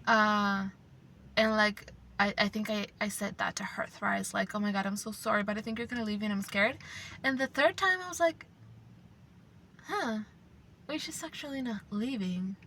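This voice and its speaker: A woman's voice: mid-range voice, fairly quick, vocal fry, sharp tone, a little hiss or hum. A young woman hosting her own channel, chatting casually in a rambling, profane, effusive way that sometimes drops into a whisper. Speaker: channel host. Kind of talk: casual chat.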